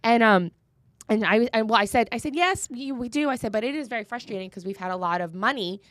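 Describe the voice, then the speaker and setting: A woman's voice: on the high side, fast talker, no room sound. A woman in her thirties from Florida, co-hosting a casual podcast and acting out both sides of an argument as she retells it. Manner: animated storyteller, acts out both sides of a quarrel. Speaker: podcast co-host. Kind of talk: casual political chat.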